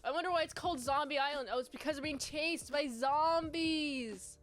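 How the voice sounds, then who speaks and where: A woman's voice: sits high, normal speed. A woman giving a casual, playful, rambling movie review.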